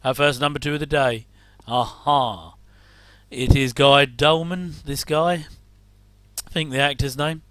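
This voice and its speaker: A man's voice: fairly high pitch, steady tone, moderate pace, bright, forceful tone, clear, resonant tone, dry recording. A middle-aged English man rambling casually through a reaction commentary, with chatty, self-deprecating asides. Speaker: host.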